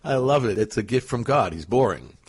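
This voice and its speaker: A man's voice: medium pitch, animated, fairly quick, slightly rough. A man hosting a chatty interview, eager and curious, throwing out questions and exclamations. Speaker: host. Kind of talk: casual interview chat.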